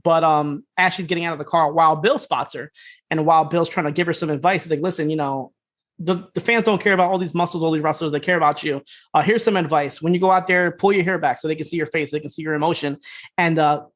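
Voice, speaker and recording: A man co-hosting a podcast, casually retelling scenes in a loose, fast way, slipping into quick quoted voices and laughing. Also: on the high side. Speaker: podcast co-host. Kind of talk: casual recap chat.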